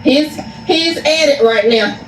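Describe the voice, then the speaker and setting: A woman's voice: sits high, slow pace, roomy sound, far from the mic, noisy background. A woman chatting casually in a home video, easygoing and laughing.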